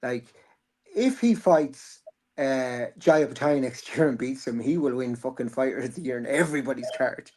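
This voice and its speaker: A man's voice: medium pitch, moderate pace, darkish tone. A man, hosting a casual boxing chat, rambling and joking, swearing freely. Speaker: boxing podcast host.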